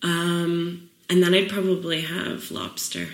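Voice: mid-range voice, very animated, slow, fairly bright tone. A guest chatting casually, self-mocking and laughing at their own remarks. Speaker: podcast guest. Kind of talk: casual chat. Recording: roomy sound.

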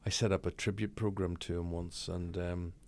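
A Northern Irish man in his sixties, a broadcaster telling lively, blunt anecdotes as an interview guest. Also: low-pitched, normal speed, vocal fry. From Northern Ireland. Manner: lively raconteur, blunt, swears freely. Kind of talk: anecdotal storytelling in conversation.

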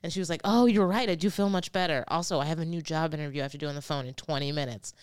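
A young woman hosting a podcast, telling stories in a casual, animated way. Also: sits low, very fast, smooth. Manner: animated storytelling with laughs. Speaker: podcast host. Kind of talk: casual chat.

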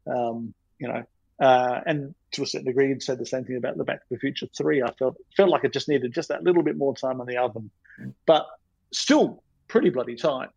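A man's voice: mid-range voice, fairly quick, vocal fry, a little mellow, breathy edge, no echo, lo-fi sound. Podcast guest, man, self-deprecating raconteur, dry mic. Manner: rambling, self-deprecating storyteller. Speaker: podcast guest, storyboard artist. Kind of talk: casual anecdote telling.

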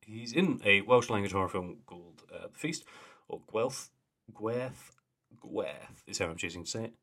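A man's voice: fairly low pitch, expressive, fast talker, fairly bright tone, breathy edge. A young man co-hosting a podcast, chatting casually with laughs and trailing mumbles. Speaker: podcast co-host. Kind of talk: casual chat.

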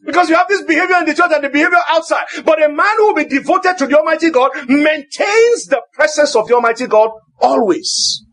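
High-voiced pastor preaching. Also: male voice, fast, few pauses. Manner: emphatic, repetitive, now and then shouting. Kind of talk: sermon.

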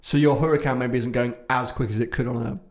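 A man's voice: medium pitch, steady tone, quick pace. A man co-hosting a podcast, trading opinionated, teasing remarks about cars. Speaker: podcast co-host. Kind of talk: casual car chat.

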